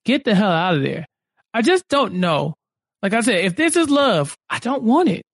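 A man's voice: high-pitched, big pitch swings, normal speed, dry recording, studio quality. A man co-hosting a podcast, ranting in an exasperated, exclamatory way during a casual reality-show recap over a video call. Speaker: podcast co-host.

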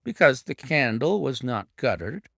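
A man reading an audiobook voices a sharp, composed detective in a measured, authoritative manner. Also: medium pitch, big pitch swings, vocal fry, no echo, clean studio sound, exaggerated voice. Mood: assured. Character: sharp, composed male detective, middle-aged.

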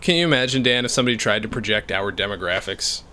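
Lively, playful podcast co-host man. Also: on the low side, quick pace. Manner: playful, riffs on jokes, lively asides. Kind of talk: casual chat.

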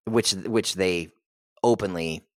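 Low-ish voiced guy on a podcast, chatty, acts out the lines he quotes, dry close sound. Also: takes it slowly, dry recording. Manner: animated storytelling, acts out characters' lines. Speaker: podcast host. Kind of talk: casual chat.

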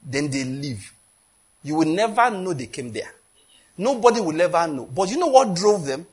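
Husky-voiced Nigerian preacher, high-pitched. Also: male voice, sing-song, normal speed. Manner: storytelling with quoted dialogue, conversational; often asks if listeners get the point. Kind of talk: sermon.

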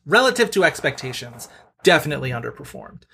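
A man's voice: on the high side, sing-song, quick pace, creaky, bright, forceful tone, slightly rough. A man co-hosting a podcast and running a movie quiz, chatty and full of fillers. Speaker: podcast co-host and quizmaster. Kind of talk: casual movie quiz chat.

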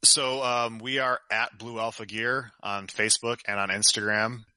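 Bright easygoing male guest. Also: lowish voice, flat delivery, moderate pace, clear, resonant tone, no echo. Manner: easygoing, self-deprecating. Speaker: podcast guest, gear company owner. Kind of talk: casual chat.

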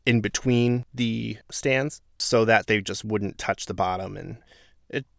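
A man's voice: fairly low pitch, unhurried, vocal fry, dry recording, clean studio sound. A man giving a casual, sarcastic recap of a reality show, sometimes exasperated. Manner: exasperated, sarcastic, animated outbursts.

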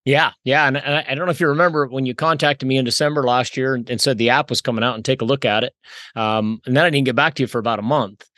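A man hosting a podcast, chatty and energetic, often repeating words as he talks. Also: mid-range voice, quick pace, no room sound. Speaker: podcast host. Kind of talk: casual podcast conversation.

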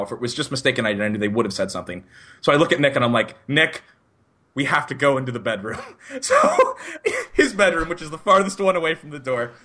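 A young man on a podcast telling a long story in a casual, animated way, often laughing as he talks. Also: medium pitch. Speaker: podcast co-host.

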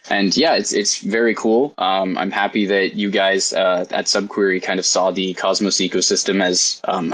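A man hosting a live audio discussion, relaxed and rambling with frequent fillers. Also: low-pitched, low-quality recording. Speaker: host.

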